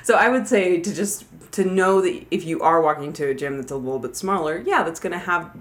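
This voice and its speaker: Low-voiced casual woman co-host. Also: fairly quick. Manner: encouraging, casual, fillers. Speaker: podcast co-host. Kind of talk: casual chat.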